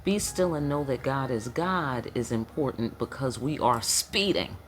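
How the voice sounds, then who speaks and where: A woman's voice: rumbling low, measured pace, a little hiss or hum. A woman giving a casual, profane tarot reading, chatting back and forth as if answering spirits. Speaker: tarot reader.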